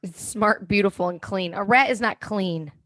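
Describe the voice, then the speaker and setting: A woman's voice: medium pitch, normal speed, a bit bright, a little hiss or hum. A middle-aged woman co-hosting a podcast, talking bluntly and swearing freely in casual chat. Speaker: podcast co-host.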